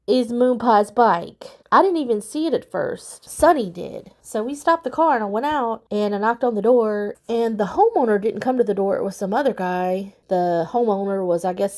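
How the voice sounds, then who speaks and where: A middle-aged woman vlogging to her viewers, candidly telling a personal story and growing animated as she recounts a confrontation. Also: mid-range voice. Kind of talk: casual storytelling vlog.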